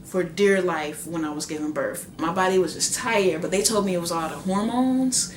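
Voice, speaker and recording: A young woman with a lowish voice chats through a personal story, lively and loose, sprinkling in fillers and acting out the people in it. She sounds like she is in an echoey room, with a faint hum of ambient noise behind her. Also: normal speed. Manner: animated, acts out quoted voices, many "like" fillers. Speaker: new mother.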